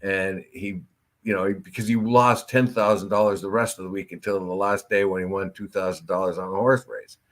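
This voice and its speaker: Male talk co-host, somewhat low voice, rambling storyteller, casual chat. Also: steady tone, a little fast. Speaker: co-host of a local talk show.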